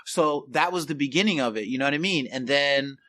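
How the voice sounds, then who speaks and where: A middle-aged man from the Bay Area, a podcast guest telling stories in a casual, animated way, acting out quoted voices and laughing often. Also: mid-range voice, fairly quick. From San Francisco Bay Area. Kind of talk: casual storytelling.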